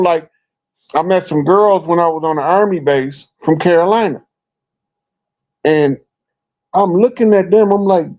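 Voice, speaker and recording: A middle-aged man from Chicago tells stories casually and animatedly, acting out what people said. His voice sits fairly high for a man, and the stream audio sounds dull and lo-fi. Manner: animated storyteller, acts out quoted remarks. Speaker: guest speaker. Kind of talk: casual storytelling talk.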